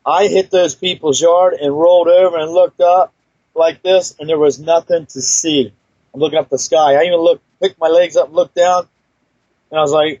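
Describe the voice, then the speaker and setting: Husky rambling man telling a story. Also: fairly high pitch, moderate pace, mellow, no room sound. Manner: rambling, full of fillers and restarts. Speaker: guest storyteller. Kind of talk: personal story told casually. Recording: dull lo-fi recording, dry.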